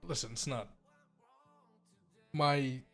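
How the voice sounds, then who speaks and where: A man's voice: mid-range voice, steady tone, slow, a bit bright, soft background music. A young man streaming live and chatting casually through a cheap desk mic, rambling, repeating himself and laughing often.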